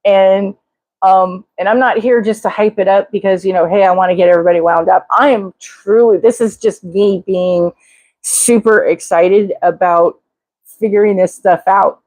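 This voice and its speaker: Older lady rambling excitedly on her live stream, lots of restarts, dry close sound. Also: medium pitch, moderate pace, no echo, rough recording. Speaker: livestream host. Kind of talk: casual live chat.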